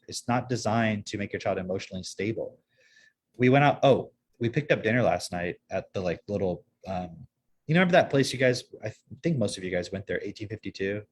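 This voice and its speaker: A young adult man hosting a podcast, talking casually and rambling with many fillers and restarts. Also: fairly low pitch. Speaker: podcast host. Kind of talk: casual conversational chat.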